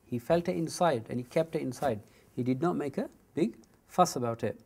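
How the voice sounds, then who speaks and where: Man, quran commentary lesson, gravelly voice, fast talker, recites verses then explains. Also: a little high, a little mellow. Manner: recites Arabic verses quickly, then explains in English with frequent asides.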